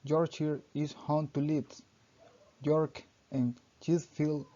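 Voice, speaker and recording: Halting young man reading a class talk. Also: mid-range voice, dark tone. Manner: halting reading, often restarting sentences with "so". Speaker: student presenter. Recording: dull lo-fi recording.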